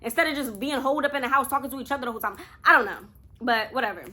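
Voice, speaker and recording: A woman's voice: sits high, rapid-fire, pushed and bright. A young woman telling a casual storytime to her viewers, chatty and talking straight to them. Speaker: vlogger.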